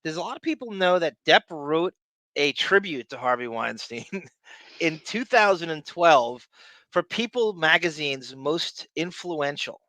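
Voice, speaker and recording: A man's voice: fairly high pitch, lively intonation, a little slow, bright, forceful tone, no echo, poor audio. A man co-hosting a podcast, speaking in a sarcastic, profane ranting manner during casual commentary. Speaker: podcast co-host.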